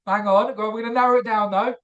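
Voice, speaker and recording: A man's voice: high-pitched, steady tone, very fast, highs cut off, a crowd in the background. Joking London man hosting a podcast. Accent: London English. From London, England. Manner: jokey, swears casually. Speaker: podcast host. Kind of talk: casual podcast chat.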